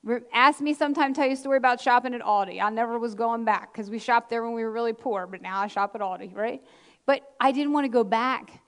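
High-voiced woman pastor preaching earnestly. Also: quick pace, a bit bright, smooth. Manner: earnest, emphatic preaching with repetition and asides. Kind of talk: sermon.

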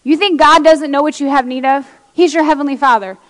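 A woman's voice: high-pitched, fairly even intonation, fairly quick, big-room sound. A woman preacher giving an impassioned sermon, reading scripture aloud and speaking straight to her congregation in a church.

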